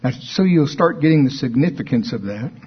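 A man's voice: medium pitch, animated, brisk, husky. A man teaching from the Bible in a sermon, explaining verses conversationally with asides. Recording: dull lo-fi recording.

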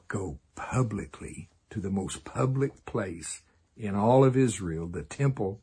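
A man's voice: on the low side, expressive, slow, mellow, husky. A man preaching a sermon, laughing often and making sarcastic asides. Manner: sarcastic, laughing, acts out voices.

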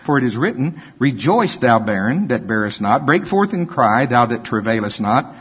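An older man preaching a sermon, reading scripture and breaking into animated, folksy asides. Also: mid-range voice, normal speed, husky. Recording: dull lo-fi with long hall reverb.

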